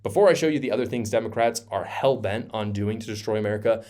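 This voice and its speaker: A man's voice: fairly low pitch, quick pace, a little mellow. Sarcastic male political commentator. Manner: sarcastic, emphatic. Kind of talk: opinion commentary.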